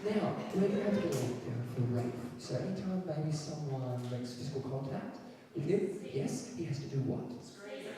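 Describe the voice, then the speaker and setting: Excitable improv host, high-pitched. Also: male voice, fairly quick, hardly any pauses. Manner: loud and excitable on stage, then hushed whispering to the audience. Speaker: improv comedy show host. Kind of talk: live improv show hosting. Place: live comedy venue with audience. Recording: echoey hall from far off, with crowd.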